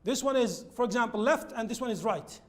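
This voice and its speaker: A man teaching an English lesson, explaining linking words slowly and repeating his examples. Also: very high voice. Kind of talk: classroom lesson with slides.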